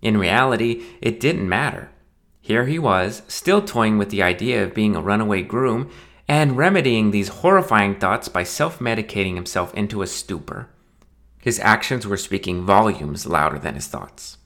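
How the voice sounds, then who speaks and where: Low-voiced man narrating a wry story. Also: animated, normal speed, fairly bright tone. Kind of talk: scripted audiobook narration.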